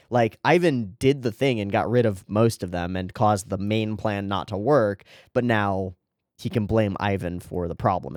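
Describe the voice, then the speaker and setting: A man's voice: on the low side, a little mellow, no room sound, studio quality. A man hosting an anime reaction show, talking through an episode in casual commentary, enthusiastic, swearing freely and often restarting his sentences.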